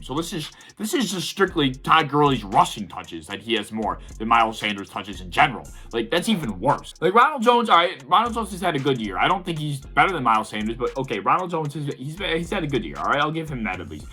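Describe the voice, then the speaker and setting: A man's voice: mid-range voice, very animated, brisk, few pauses, bright, forceful tone, faint music behind. A young man giving a heated, profane sports rant, repeatedly exasperated as he talks. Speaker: sports video host. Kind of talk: ranting sports commentary.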